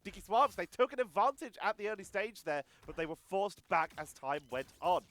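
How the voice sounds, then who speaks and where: A man casting a competitive video game match live, giving rapid play-by-play and chatting about viewer comments. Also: high voice. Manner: rapid excited play-by-play, talks to chat. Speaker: esports caster.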